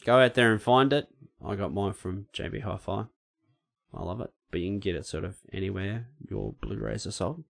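A man's voice: lowish voice, normal speed, creaky. An Australian man hosting a podcast, chatting casually and rambling with lots of fillers. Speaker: podcast host.

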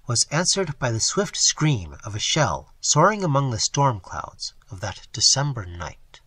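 A man narrating an audiobook in an expressive, dramatic reading style. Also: medium pitch, unhurried, few pauses, slightly rough, no room sound.

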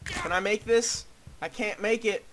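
A young man giving goofy, excitable let's play commentary, often shouting. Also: high voice, measured pace, crowd noise. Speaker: gaming video host.

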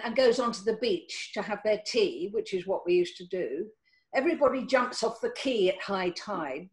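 An older actress from Cornwall, talking casually on a video call and telling stories with many restarts. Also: female voice, rough recording. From Cornwall, England. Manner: warm storytelling with lively pitch, many restarts. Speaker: actress guest.

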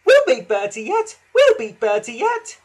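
A man voicing two fussy female railway coaches who speak together in a high, anxious sing-song. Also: huge pitch swings, unhurried, breathy edge, heavily acted. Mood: excited.

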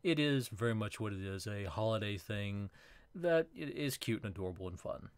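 A man with a fairly low voice co-hosts a casual podcast, recorded close and dry with almost no room sound. He delivers his lines with a deadpan, sarcastic wit. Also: moderate pace, clean tone, no room sound. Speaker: podcast co-host.

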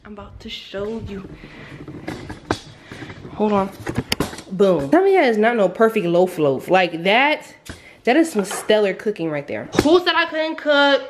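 A woman's voice: mid-range voice, sing-song, a little slow, pauses often. A young woman vlogging casually while she cooks at home, chatty and self-mocking, with dramatic asides. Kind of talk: casual cooking vlog chat. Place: home kitchen. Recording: echoey kitchen with noise.

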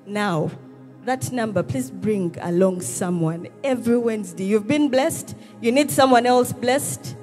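In a church hall with a live congregation and music behind, a woman with a fairly high, unhurried voice hosts the service. She rouses the crowd with calls and responses.

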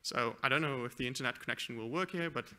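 Bright-voiced man giving a talk. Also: mid-range voice, fast talker. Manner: explains a live software demo, with fillers and self-corrections. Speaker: conference speaker. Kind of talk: academic conference presentation. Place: conference hall.

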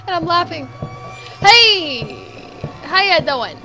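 A woman's voice: sits high, a little slow, loud music behind the voice. A young woman, a gaming YouTuber, commenting on a horror game while playing, jumpy and prone to shrieks and nervous giggles. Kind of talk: horror let's play commentary.

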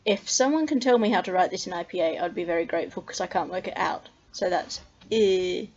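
A woman's voice: on the low side, expressive, quick pace, darkish tone. A young woman with an Australian accent, explaining letter sounds to camera, carefully demonstrating each sound with frequent ums. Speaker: language tutor. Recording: slightly muffled lo-fi recording.

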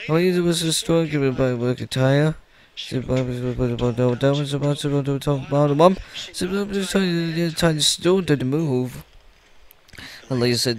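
A man retelling a picture book story aloud in a halting way, repeating words as he goes. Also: a little high.

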